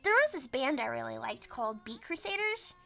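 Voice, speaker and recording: A woman streamer chatting casually with a guest, excitable, swearing freely and laughing often. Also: high-pitched, brisk, creaky. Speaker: streamer host.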